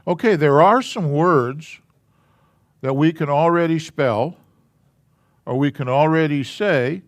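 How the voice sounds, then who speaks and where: Slow patient man teaching a class. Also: a little high, no room sound. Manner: slow, patient, explaining step by step. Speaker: Hebrew alphabet teacher. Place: church classroom.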